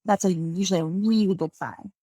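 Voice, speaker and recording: A woman's voice: fairly low pitch, steady tone, a little fast, no room sound, studio quality. A woman hosting a podcast over a video call, chatting casually and laughing often. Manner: laughs often, warm teasing. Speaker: podcast host. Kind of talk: casual chat.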